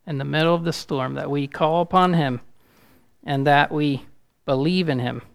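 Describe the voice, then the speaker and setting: A man giving an informal, halting sermon, speaking with a gravelly voice that rises loud and urgent at points. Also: on the high side, steady tone, no echo, studio quality. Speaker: preacher.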